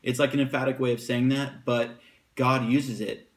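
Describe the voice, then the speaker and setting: In a mid-range voice, a man teaches on a Bible passage in a loose, unscripted style full of fillers. He slows down each time he reads verses aloud.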